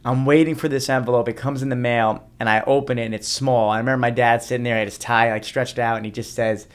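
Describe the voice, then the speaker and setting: Man, 30s, from New Jersey, quick, earnest, repetitive, lots of restarts. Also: mid-range voice, steady tone, clean tone. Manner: earnest, repeats himself, frequent restarts. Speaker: guest, motivational speaker. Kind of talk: personal storytelling in a podcast interview.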